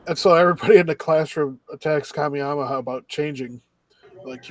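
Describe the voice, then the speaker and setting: A podcast co-host with a fairly high voice and fairly even intonation rambles through anime episode recaps at a moderate pace on a casual show. He acts out characters' lines, and the recording has no room sound.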